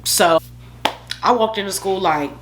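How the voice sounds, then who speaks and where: A woman's voice: low voice, measured pace, fairly bright tone, a little hiss or hum. A young woman vlogger telling a candid, emotional personal story, joking at her own expense.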